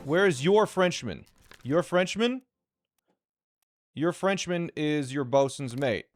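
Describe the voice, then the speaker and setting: A man streaming a puzzle game, thinking aloud in live commentary, excited and quick to repeat himself. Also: on the high side, soft background music.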